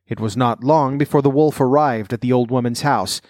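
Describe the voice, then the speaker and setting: A man narrating a fairy tale in a measured, clear storytelling voice. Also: medium pitch, darkish tone, no room sound, studio quality.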